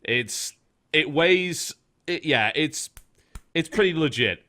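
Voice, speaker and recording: A man's voice: a little high, lively intonation, slow, sharp tone. Dry-humored man telling a story. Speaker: podcast host. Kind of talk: casual podcast chat.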